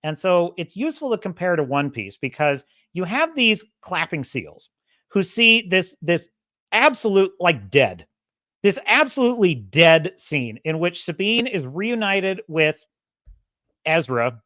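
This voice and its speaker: Animated sarcastic woman ranting on a podcast. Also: fairly low pitch, unhurried, dry recording, studio quality. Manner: sarcastic, laughs often, mimics characters; animated, swings loud and soft. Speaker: podcast host. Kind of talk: casual opinionated rant.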